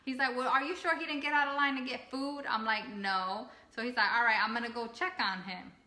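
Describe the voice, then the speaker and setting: A woman co-hosting a casual family chat, recounting a trip in a lively way and quoting the people she met. Her voice sits a little high and bright. The room around her is echoey. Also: brisk. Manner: lively, quotes others, laughs often. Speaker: co-host of a family channel.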